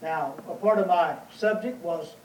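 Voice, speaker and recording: A man with a fairly high voice teaches a verse-by-verse Bible lesson in a plain style, pausing often with fillers and posing questions he answers himself. The room is echoey, his voice comes from a distance, and there is faint noise.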